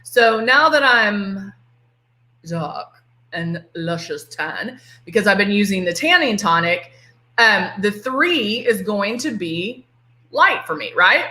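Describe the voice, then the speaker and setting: A woman's voice: mid-range voice, expressive, measured pace, bright, forceful tone. A middle-aged woman with a Texan accent, a makeup artist chatting playfully through a live tutorial. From Texas. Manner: chatty and playful, greets viewers by name. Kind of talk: casual live-stream demonstration. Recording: echoey room.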